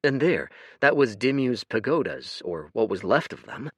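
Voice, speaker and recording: Male audiobook reader, lively delivery, dry close-miked sound; for expressive narration. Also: mid-range voice, normal speed, husky, no room sound. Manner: expressive, shifts voice for characters. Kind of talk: scripted narration.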